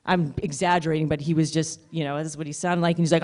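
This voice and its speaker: A woman stand-up comedian telling stories on stage in a chatty, animated way. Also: low-pitched, fast, hardly any pauses. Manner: conversational, animated storytelling. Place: stage at a live comedy showcase.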